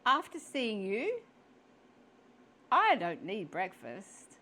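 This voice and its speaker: A smitten French gentleman, as a woman reads him aloud, heaping compliments on a waitress in a storybook tale. His French accent sits in a voice kept plain and unhurried, flattering and forward without pushing hard. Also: high voice, full character voice.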